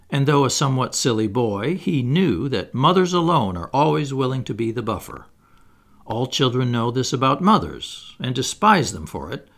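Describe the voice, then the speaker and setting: A man reading a children's novel aloud as audiobook narrator, measured and expressive. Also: mid-range voice, vocal fry. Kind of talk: storybook narration.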